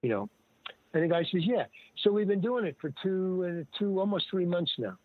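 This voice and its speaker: Storytelling casually as a guest, an older man who acts and does comedy wanders through anecdotes and voices the dialogue he quotes. He sounds animated at a moderate pace, his voice sitting high, with no echo on a tinny, dry phone-like line.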